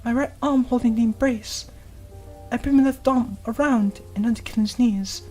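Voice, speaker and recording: A woman voicing a gentle, devoted young woman in a visual novel, narrating softly in first person and comforting someone she loves. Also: a little high, moderate pace, soft background music, natural voice. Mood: tender. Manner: soft, tender, hushed delivery.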